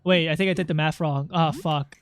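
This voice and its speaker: High, bright-voiced excitable male streamer. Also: brisk, faint music behind. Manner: excitable, swears, reads game text aloud. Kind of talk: casual gameplay commentary.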